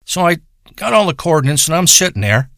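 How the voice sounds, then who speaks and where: A man telling a rambling, profane comic story in a crude, deadpan way. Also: a little high, a little fast, gravelly, noisy background. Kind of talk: rambling comedic monologue.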